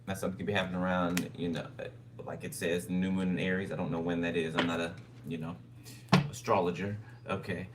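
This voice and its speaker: A man's voice: low-pitched, flat delivery, brisk. Man musing through a tarot reading. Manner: musing, repeats phrases, frequent "okay?" tags. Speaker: tarot reader. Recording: distant mic with background noise.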